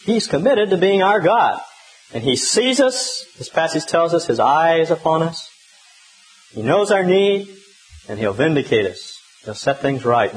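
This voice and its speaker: A male pastor preaching a sermon in a conversational, humorous way with lively emphasis. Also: a little high, measured pace, rough recording.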